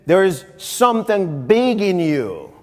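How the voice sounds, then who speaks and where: Haitian-accented man quoting a wise old woman, firm, encouraging, slow, long hall reverb. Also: high-pitched, big pitch swings, heavily acted.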